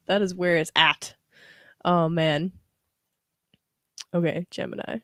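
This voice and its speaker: A young woman talks slowly and loosely as she reads tarot cards live, with slang and easy laughs between her thoughts. Her voice sits dry and close, with no room sound around it. Her pitch is average for a woman. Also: steady tone, a bit bright, dry recording. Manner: chatty, laughing, slangy, answers chat. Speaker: tarot reader livestream host. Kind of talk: casual live tarot reading chat.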